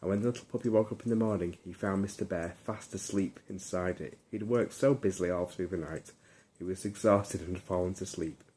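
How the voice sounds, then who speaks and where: A man reading a bedtime story aloud in a calm, soothing storytelling manner. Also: deep voice, fairly quick. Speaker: narrator.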